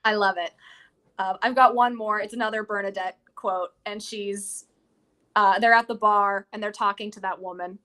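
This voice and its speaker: A woman's voice: mid-range voice, fairly even intonation, moderate pace, sharp tone. Enthusiastic woman retelling film scenes. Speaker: podcast co-host. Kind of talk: casual film discussion.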